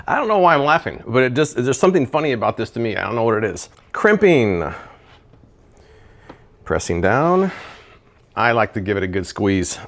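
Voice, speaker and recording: A man's voice: medium pitch, very animated, normal speed, long pauses, fairly bright tone. A man chatting casually in a home kitchen as he tests and reviews kitchen gadgets, thinking aloud while he cooks. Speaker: product reviewer. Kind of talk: casual cooking review vlog.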